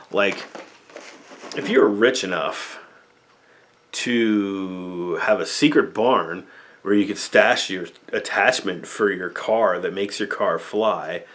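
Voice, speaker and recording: A man's voice: fairly low pitch, a bit bright. A man giving a casual, off-the-cuff movie review, rambling loosely with lots of "like" and "or whatever.". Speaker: movie reviewer, channel host.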